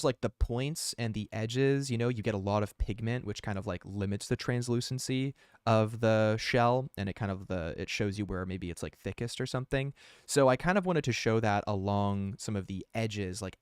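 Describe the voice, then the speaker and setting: A man's voice: lowish voice, smooth, no echo, studio quality. A man chatting casually while drawing on a live stream, rambling and self-aware and filling his speech with "like.".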